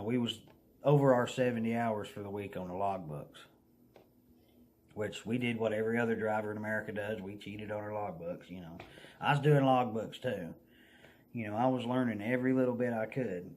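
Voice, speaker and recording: Chuckling through an animated, down-home story, a Southern-accented American man talks in a voice on the low side. The setting is a casual vlog.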